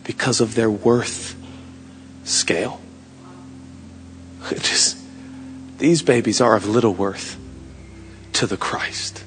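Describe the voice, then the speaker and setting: A man in his thirties preaching a sermon with passion, his voice climbing to shouts and dropping to quiet asides. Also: lowish voice, slow pace, pauses often. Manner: impassioned preaching, rising to shouts. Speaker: pastor. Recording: long hall reverb, music behind.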